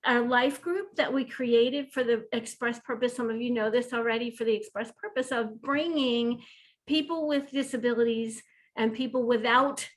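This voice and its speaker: A woman's voice: on the high side, moderate pace, rough recording. Enthusiastic woman sharing ministry stories. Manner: enthusiastic, rambling storytelling. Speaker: disability ministry leader. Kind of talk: video call roundtable sharing. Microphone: video call.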